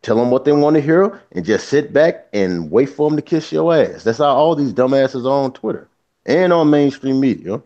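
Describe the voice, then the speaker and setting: A man co-hosting a casual political chat, talking in an animated, profane and slangy way. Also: mid-range voice, moderate pace, muffled recording. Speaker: podcast co-host.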